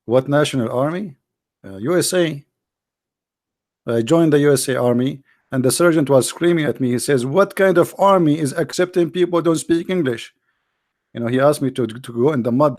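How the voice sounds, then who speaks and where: A man's voice: medium pitch, a little mellow. A man hosting a live call-in debate show, mocking and stammering often as he talks.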